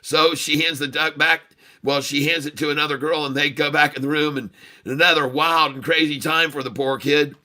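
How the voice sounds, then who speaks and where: Bright folksy joke-telling man. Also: on the high side, level tone, moderate pace. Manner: folksy, chuckling storyteller. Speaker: day-trading livestream host. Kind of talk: telling a bawdy joke on a livestream.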